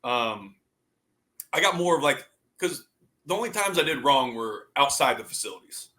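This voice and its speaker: A man in his thirties, a former college football player, telling loose, profane, animated stories in a casual interview and laughing along. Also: medium pitch, normal speed.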